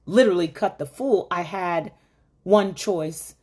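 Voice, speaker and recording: The speaker is a middle-aged woman hosting a motivational faith-based talk for women. Her lowish voice is a little slow and mellow with a breathy edge, and she tells stories conversationally with lots of asides and laughter.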